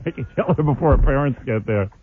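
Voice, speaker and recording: A man's voice: medium pitch, quick pace. A man hosting a radio show, telling self-mocking stories in casual on-air banter. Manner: animated, self-mocking storytelling. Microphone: studio microphone. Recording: narrow phone-like radio broadcast audio.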